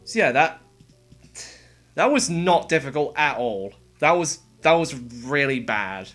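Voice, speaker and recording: A streamer giving casual live reaction commentary, excitable, with quick exclamations and casual slang aimed at chat. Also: medium pitch, soft background music. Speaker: livestreamer.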